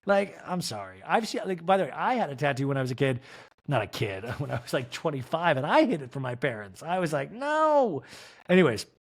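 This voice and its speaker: A man hosting a comedic TV recap podcast, talking in an animated, sarcastic, riffing way. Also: mid-range voice, quick pace. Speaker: podcast host.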